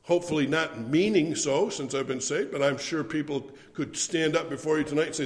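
A man's voice: fairly high pitch, fairly quick, few pauses, in a large hall. A man preaching a sermon, telling a funny story with playful swings in his voice.

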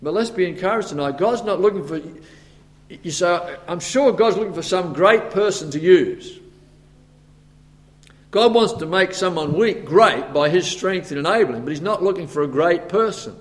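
A man's voice: high-pitched, animated, normal speed. A man preaching a sermon, acting out the voices of Moses and God with stammers and asides. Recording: long hall reverb.

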